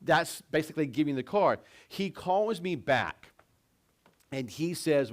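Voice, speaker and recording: A man's voice: on the high side, lively intonation, measured pace. A man preaching a sermon as pastor, telling stories and putting questions to his congregation. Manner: conversational storytelling with questions to the congregation. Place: church sanctuary.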